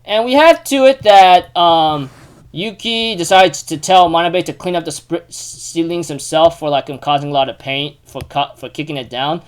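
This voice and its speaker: Male anime reviewer, fairly high voice, casual, rambling recap full of fillers. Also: moderate pace, clean tone. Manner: rambling, heavy use of fillers.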